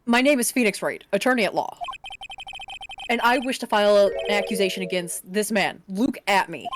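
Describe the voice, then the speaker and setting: A woman's voice: mid-range voice, normal speed, noisy background, lightly acted. A woman voicing an earnest young male defense attorney, speaking with determination over game music. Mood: determined.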